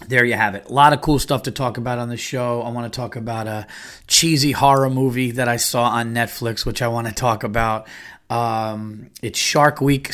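A middle-aged man hosting his own podcast, talking loosely and profanely with plenty of fillers. His voice sits in a middle pitch with a bright, forward edge. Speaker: podcast host. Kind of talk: casual solo podcast chat.

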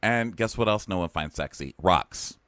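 A man co-hosting a casual chat, snarkily recapping a reality show and dropping into quick mocking voices. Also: low-pitched, animated, a bit bright, dry recording. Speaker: podcast co-host.

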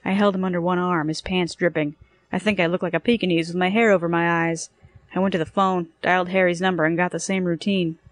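A woman narrating a first-person story in a brisk, wry storytelling manner. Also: fairly low pitch, fairly even intonation, no room sound. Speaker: audiobook narrator.

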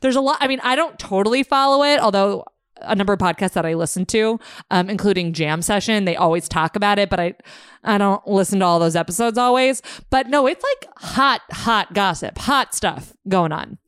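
A woman's voice: medium pitch, a little fast, a bit bright, smooth, no echo. Woman, young adult, podcast co-host, casual rambling chat, filler-heavy, dry close sound.

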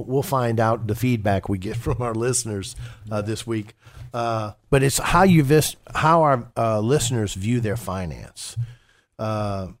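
A man's voice: medium pitch, no echo, studio quality. A man co-hosting a retirement-planning radio show as a financial advisor, talking casually with many restarts and fillers.

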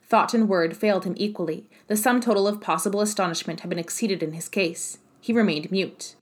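A woman narrating a classic novel as an audiobook, with a steady, formal reading style. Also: mid-range voice.

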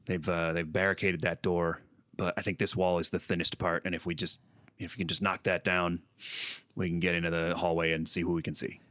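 A man's voice: low voice, flat delivery, a little fast, pushed and bright, no echo, clean studio sound. An actor playing a scheming male adventurer who talks hesitantly, full of fillers, in an improvised comedy scene. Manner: hesitant, lots of fillers and restarts.

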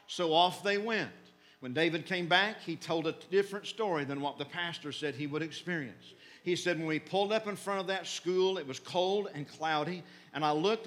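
A middle-aged man preaching, telling a mission story earnestly and slowing down for dramatic moments. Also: on the high side, a bit bright. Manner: earnest, recounts dialogue with slowed dramatic emphasis. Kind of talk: sermon storytelling.

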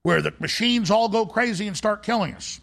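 A man hosts a talk show in an intense, conspiratorial rant. His voice is gravelly and pitched high, and he pushes each point hard. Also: brisk, a bit bright. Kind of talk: ranting monologue.

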